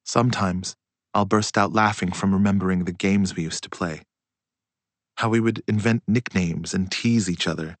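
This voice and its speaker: A man reading a literary story aloud in a slow, hushed and reflective way. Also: low voice, steady tone, no room sound. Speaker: audiobook narrator. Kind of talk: literary audiobook narration.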